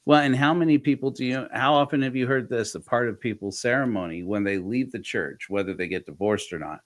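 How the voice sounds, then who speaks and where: A man's voice: medium pitch, brisk. A middle-aged man hosting a casual podcast, telling stories and acting out the voices of the people he quotes. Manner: animated storyteller, acts out quoted voices. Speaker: podcast host.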